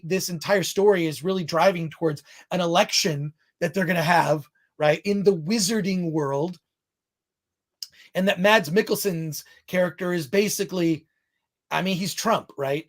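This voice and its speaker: A man's voice: on the high side, measured pace. A man hosting a film review show in casual chat, rambling off on tangents and restarting his sentences often.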